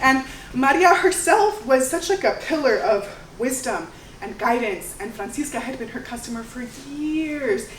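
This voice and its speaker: A young woman performing one-woman stage storytelling in a lively, casual way, often saying "like". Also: a little high, slight background noise. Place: theater stage. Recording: roomy live stage sound from far off.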